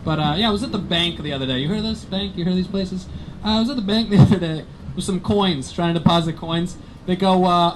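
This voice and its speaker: Male stand-up, slightly high voice, dry self-mocking delivery, recorded over loud tram noise. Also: expressive, brisk. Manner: self-mocking, wraps up the show again and again. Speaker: stand-up comedian. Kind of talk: deadpan stand-up to commuters. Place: airport tram, indoors.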